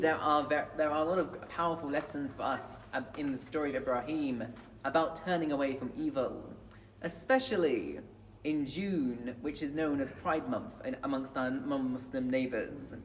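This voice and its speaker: A man giving an earnest Friday sermon in a mosque, reciting Arabic scripture between his points. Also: on the high side. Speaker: mosque preacher. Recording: echoey hall, distant mic, faint noise.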